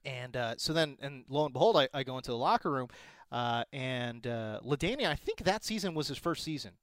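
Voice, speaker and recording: A man's voice: mid-range voice, fairly quick, no echo, studio quality. A man co-hosting a sports podcast, telling stories in casual chat with lots of exclamations. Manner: animated storyteller, exclamatory. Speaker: podcast co-host.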